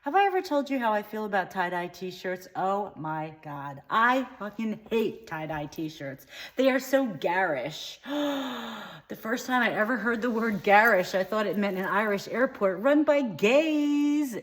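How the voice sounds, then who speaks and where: A woman's voice: mid-range voice, lively intonation, a little slow, lightly acted. A woman playing a dim-witted, bigoted comedy character who rambles from tangent to tangent in a satirical monologue. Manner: rambling, mishears words, flits between tangents.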